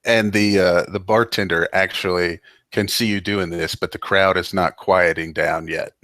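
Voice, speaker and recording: A man's voice: low voice, steady tone, normal speed, a bit bright, no room sound. A man narrating as game master, rambling with lots of fillers and restarts.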